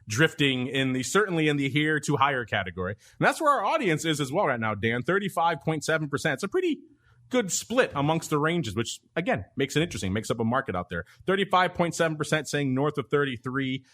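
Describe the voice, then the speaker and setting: A man's voice: fairly high pitch, sing-song, quick pace, a bit bright. Upbeat man hosting a finance podcast. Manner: upbeat, reads listener questions aloud. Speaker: podcast host. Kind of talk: casual finance podcast chat.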